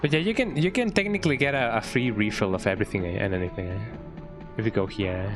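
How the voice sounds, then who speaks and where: A man's voice: fairly low pitch, quick pace. A man casually commenting while streaming a video game, chatty and often tagging his lines with "eh". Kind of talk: casual let's-play commentary. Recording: game music behind voice.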